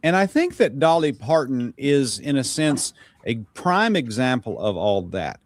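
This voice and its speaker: A man's voice: medium pitch, sing-song, unhurried, dry recording. A man from Georgia talking casually, rambling with lots of fillers. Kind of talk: casual opinion talk.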